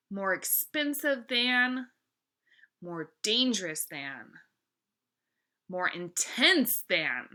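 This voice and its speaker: A woman teaching a grammar lesson, speaking clearly and encouragingly and drawing out each example word. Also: on the high side, pushed and bright.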